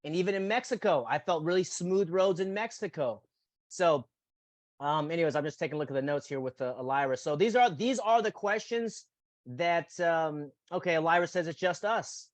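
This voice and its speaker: A man hosting a casual podcast conversation, talking in an animated way and acting out quotes in goofy voices. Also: on the high side, normal speed, dry recording. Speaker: host.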